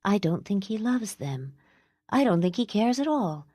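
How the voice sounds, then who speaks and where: A woman voicing a calm, numb young mother. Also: medium pitch, no room sound, studio quality, voice pushed up. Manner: quiet, steady and measured.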